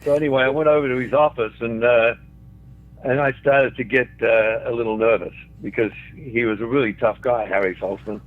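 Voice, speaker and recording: An older Australian man, appearing as a guest, tells anecdotes in a mid-range, steady voice at a brisk pace. He chuckles through his own stories, and the audio comes over a tinny phone line.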